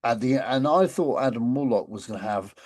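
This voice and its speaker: Male co-host, mid pitch, relaxed and brief. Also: a little fast. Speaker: podcast co-host. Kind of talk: casual podcast chat.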